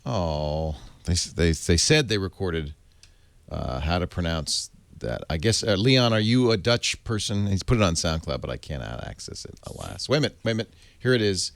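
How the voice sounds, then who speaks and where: A male podcast host in casual tech chat, laughing easily as he talks. His pitch moves around a lot. The sound is close and dry. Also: big pitch swings, moderate pace, vocal fry, no room sound. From Providence area, US.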